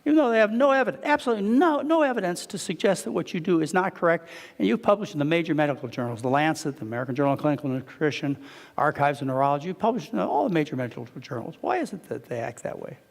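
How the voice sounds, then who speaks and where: A man giving a live lecture as a physician, telling stories with animated quotes and asides to the audience. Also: a little high, racing, vocal fry. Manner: animated storytelling, quotes others with raised voice. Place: lecture hall. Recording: long reverb of a lecture hall.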